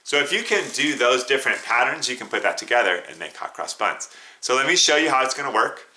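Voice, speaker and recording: A man's voice: mid-range voice, lively intonation, a little fast, bright, forceful tone. A man teaching a beginner flute lesson, patiently coaching students, counting them in and singing note names and tonguing syllables.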